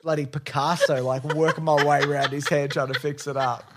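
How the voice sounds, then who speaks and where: A man's voice: a little high, flat delivery, fairly quick, heavy background noise. A man, co-hosting a casual chat, laid-back and self-mocking, who swears casually. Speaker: podcast co-host.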